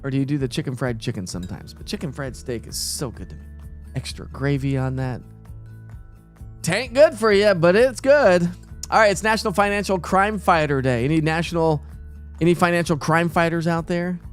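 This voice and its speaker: A man's voice: a little high, moderate pace, faint music behind. A middle-aged man, hosting a casual live weather stream and greeting viewers by name. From East Tennessee.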